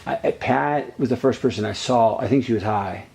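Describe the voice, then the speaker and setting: A man's voice: mid-range voice, fairly quick, creaky, darkish tone. A man coaching an actor off camera, insistent and profane, repeating himself as he gives directions.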